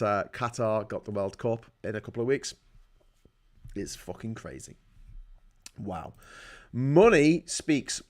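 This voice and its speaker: A man hosting a livestream, giving profane, heated and indignant political commentary into a desk mic. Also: medium pitch. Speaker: livestream host.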